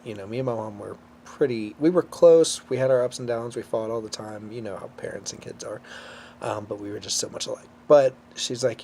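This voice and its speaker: Emotional man with a gravelly voice. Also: on the low side, fairly even intonation, dark tone, slight background noise. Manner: emotional, halting, many fillers. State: close to tears. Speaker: vlogger. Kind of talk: personal storytelling to camera.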